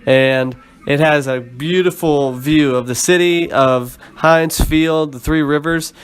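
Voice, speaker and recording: A man co-hosting a casual fantasy football podcast, speaking in a relaxed, rambling way with frequent ums. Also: a little high, takes it slowly, smooth. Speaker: podcast co-host.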